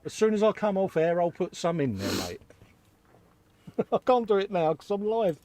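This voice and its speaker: A man's voice: sits high, sing-song, moderate pace, dark tone. A man co-hosting a live hobby stream, chatting casually and calling people "mate". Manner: chatty, says "mate" a lot. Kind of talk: casual banter while building models.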